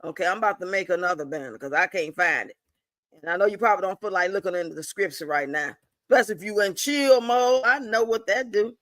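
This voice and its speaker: A woman's voice: medium pitch, fast, a bit bright, no room sound. A woman hosting a casual livestream, blunt and profane, chatting and reading out viewer comments. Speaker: livestream host.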